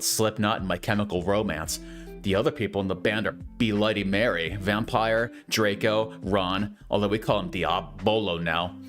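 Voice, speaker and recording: A man's voice: on the low side, a bit bright. A man giving a comedic dramatic reading of a bad story, with incredulous, mocking asides. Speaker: reader.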